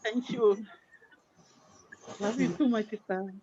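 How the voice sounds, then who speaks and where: A woman's voice: fairly high pitch, takes it slowly, a little mellow, highs cut off, slight background noise. A middle-aged woman from Guinea, speaking, gives an earnest, heartfelt personal testimony on an online call. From Papua New Guinea. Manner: heartfelt and earnest, fervently religious. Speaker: team member sharing her story.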